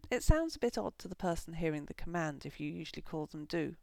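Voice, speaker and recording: A woman hosting a podcast, giving a scripted, measured German grammar lesson. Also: sits low, lively intonation, darkish tone, no room sound. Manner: measured, clear explanatory delivery.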